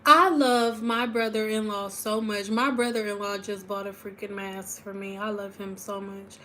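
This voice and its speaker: A Detroit woman hosts a hair care livestream, chatting casually with viewers in a fairly high, unhurried voice. She's animated, swinging from loud squeals to soft asides.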